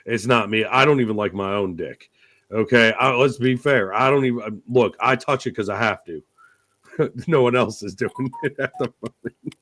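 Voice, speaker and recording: A man hosting a casual podcast chat, telling rambling, profane comic stories with loud outbursts. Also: medium pitch, moderate pace, no echo, clean studio sound. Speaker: podcast host.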